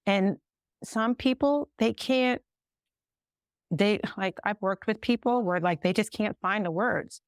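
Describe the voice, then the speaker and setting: A woman therapist talking as a podcast guest, animated and free-flowing with many fillers. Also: mid-range voice, no room sound, clean studio sound. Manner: animated, fast-flowing, many fillers, acts out clients' words. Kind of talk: casual interview chat.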